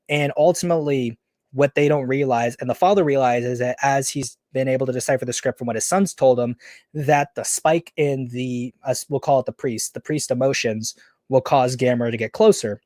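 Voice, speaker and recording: A man hosting a podcast, casually retelling a story pitch in a rambling, enthusiastic way. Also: fairly quick, no echo, studio quality. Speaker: podcast host.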